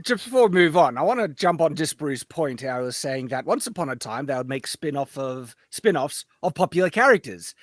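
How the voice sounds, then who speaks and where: A man chatting as a guest on a show, lively, teasing and emphatic. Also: fairly high pitch, brisk, few pauses, dry recording, studio quality. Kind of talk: casual chat.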